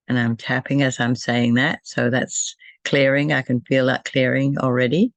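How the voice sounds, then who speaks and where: An older woman, an energy healer, gently talking through a self-healing demonstration and softly repeating affirmations and thank-yous. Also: rumbling low, level tone, moderate pace, dry recording.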